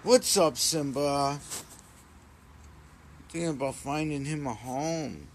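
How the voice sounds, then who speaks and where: A man casually rambling in a home vlog, cooing softly at his cats. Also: fairly high pitch, slow, slight background noise. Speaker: vlogger. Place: home indoors.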